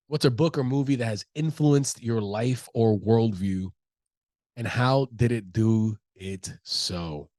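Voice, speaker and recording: Man in his thirties, stuffed-up nose, casual profane rambling, middle pitch, dry close sound. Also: slow, a little mellow, dry recording. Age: 30s. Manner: loose, rambling, profane, self-interrupting. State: stuffy from allergies. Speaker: comedian podcast host. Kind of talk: casual solo talk.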